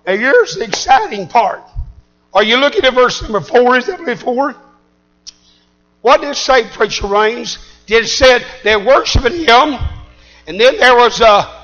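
A man preaching a sermon, shouting in call-and-response style. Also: very high voice, lo-fi sound.

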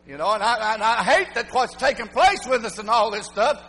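An older preacher with a strikingly high, gravelly voice, hammering his points in an emphatic revival sermon. He swings between loud, shouted declarations and low, muttered asides. His words ring out with a long hall reverb from the church. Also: lively intonation, a little fast, few pauses.

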